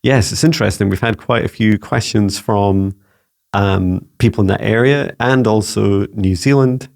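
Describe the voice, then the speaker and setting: A Scottish man relaying psychic messages to viewers in a casual solo talk, halting and searching for words as he goes. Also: on the low side, creaky, a little mellow. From Scotland. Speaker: psychic mentor answering viewer questions. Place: home with a laptop.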